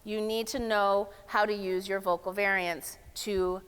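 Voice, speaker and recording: A woman giving a lively, playful workshop talk at a summit, speaking casually to a live room. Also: medium pitch, unhurried, smooth. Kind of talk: energetic motivational workshop talk. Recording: long hall reverb.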